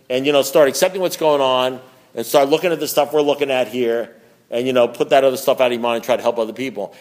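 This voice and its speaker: Blunt, joking man at a meeting. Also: on the high side. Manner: folksy storytelling, acts out both sides of dialogue; blunt, joking, laughs often. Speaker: recovery speaker. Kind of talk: recovery meeting talk.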